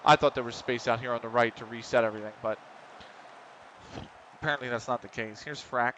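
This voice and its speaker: Excitable male streamer, bright voice. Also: medium pitch, a little fast, a little hiss or hum. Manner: excitable, swears, talks to players on screen. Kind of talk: live reactive commentary over a football management game.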